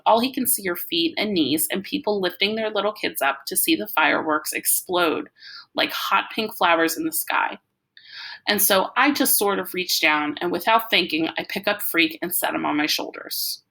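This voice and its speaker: A woman reading a novel aloud, giving a lively first-person narration. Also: fairly low pitch, normal speed. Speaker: audiobook reader.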